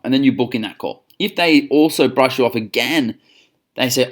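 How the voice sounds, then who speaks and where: Coaching gym employees on how to sell by phone, this upbeat Australian plays both caller and customer himself. His mid-range voice moves a little fast.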